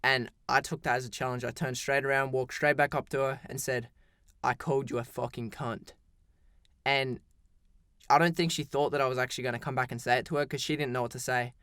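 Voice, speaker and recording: A man's voice: medium pitch, fairly even intonation, quick pace, bright, forceful tone, clear, resonant tone, no room sound, studio quality. A teenage boy telling a story in a casual, rambling storytime style, full of "like" and restarts. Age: teens. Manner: rambling, heavy use of "like", frequent restarts.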